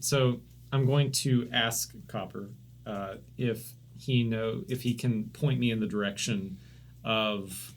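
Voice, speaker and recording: Man, tabletop game player, casual, easygoing, loose phrasing, middle pitch. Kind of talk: casual tabletop role-play.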